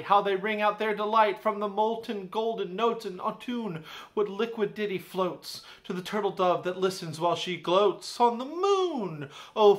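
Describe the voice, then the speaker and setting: A man, a teacher, giving a theatrical poetry reading that swings between hushed and loud passages. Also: sits high. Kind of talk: dramatic poetry recitation.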